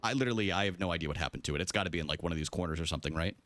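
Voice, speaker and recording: A man's voice: low-pitched, very fast, slight background noise. A young adult man streaming a video game live, chatting casually with his viewers, joking and swearing as he plays. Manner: animated, jokey, swears, talks to chat.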